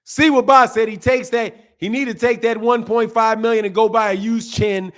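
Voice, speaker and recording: A man hosting a boxing channel stream, giving heated, mocking commentary with drawn-out emphasis. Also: very high voice, flat delivery, a bit bright.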